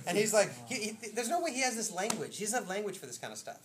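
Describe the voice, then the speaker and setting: A woman pastor preaching in a church, chatty and laughing, swinging from loud storytelling to hushed intimate moments. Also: mid-range voice, very animated, racing, noisy background. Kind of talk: sermon. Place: church sanctuary.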